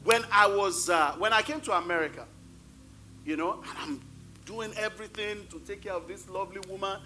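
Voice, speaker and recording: High-voiced emphatic male pastor preaching. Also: brisk, sharp tone, faint music behind. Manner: emphatic preaching, repeats key phrases. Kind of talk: sermon. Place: church.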